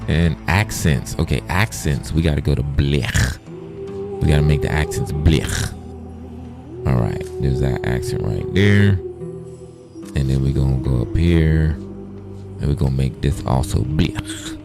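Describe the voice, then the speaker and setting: Very deep gravelly man, profane and playful. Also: animated, a little slow, pauses often, loud music behind the voice. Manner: profane, playful, chats to viewers. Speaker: gaming streamer. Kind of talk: casual livestream gameplay chat.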